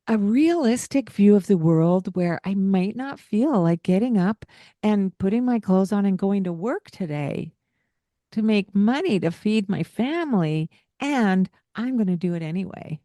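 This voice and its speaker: A woman's voice: mid-range voice, expressive, unhurried, mellow, no room sound. A woman hosting a parenting podcast in casual chat, laughing often and acting out the lines a parent might say.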